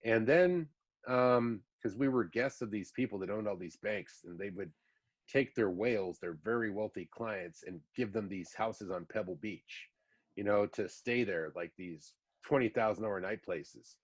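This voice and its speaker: A man's voice: fairly low pitch, normal speed, slightly rough. A man in his fifties hosting a podcast, telling long rambling anecdotes with lots of asides in a casual chat. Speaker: podcast host.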